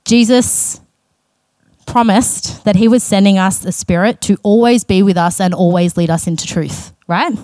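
A woman's voice: mid-range voice, normal speed, darkish tone, dry recording. A woman delivers a sermon in an earnest, chatty manner, slipping in casual asides. Her voice sits in an ordinary middle register. The sound is dry and close, with little room around it. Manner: earnest and conversational, with self-aware asides. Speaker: preacher.

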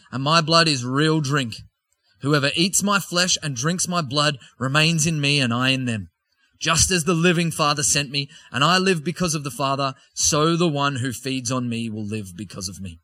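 A man's voice: on the high side, sharp tone, no room sound. A preacher reading aloud the words of Jesus as a man teaching a crowd with authority, in a raised, emphatic delivery.

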